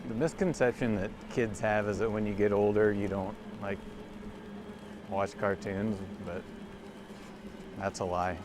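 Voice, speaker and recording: A man's voice: lowish voice, steady tone, a little slow, long pauses. A man in his forties chatting casually with viewers while riding a bike outdoors, rambling and self-amused. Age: 40s. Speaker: livestreamer. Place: outdoors on a cargo bike by a lake. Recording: outdoor ride with clear background noise.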